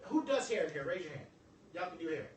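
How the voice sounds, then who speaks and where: A man's voice: a little high, fast. A man giving a live talk to an audience, joking and preaching as he teaches. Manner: animated, joking, preacher-like delivery. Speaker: motivational speaker. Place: event room with audience. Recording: echoey room from far off, some noise.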